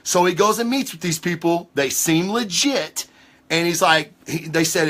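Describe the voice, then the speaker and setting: Guy hosting a comics review stream, bright fairly high voice, hyped and rambling, swears a ton. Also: normal speed. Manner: excitable, profane, rambling. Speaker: comic book show host. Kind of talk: casual livestream review.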